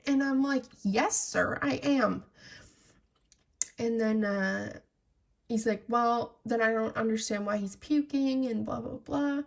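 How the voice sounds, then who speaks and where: A woman's voice: on the high side, steady tone, moderate pace, gravelly. A young adult woman chatting frankly and telling a story to her viewers while she colours. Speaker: colouring channel host. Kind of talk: casual chat while colouring.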